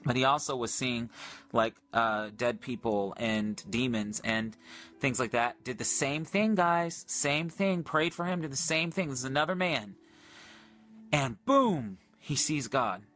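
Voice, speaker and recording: Over soft background music, a man ministering on a livestream unhurriedly retells a prayer encounter. His earnest, casual storytelling leans heavily on quoted dialogue and reaches excited highs.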